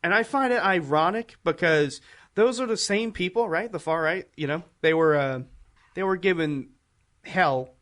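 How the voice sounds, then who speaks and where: A man co-hosting a podcast, telling a story in halting casual chat with fillers. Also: high voice, a bit bright. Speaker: podcast co-host.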